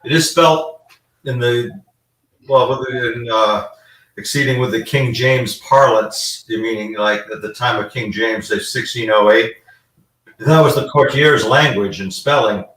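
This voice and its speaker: A man talks at an everyday pitch, explaining things at length with lots of "uh" and "you know". He sits back from the microphone. The room gives his voice a noticeable echo. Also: a little slow, a bit bright, distant mic. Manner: rambling explainer, frequent fillers. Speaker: guest demonologist. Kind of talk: casual live-stream talk.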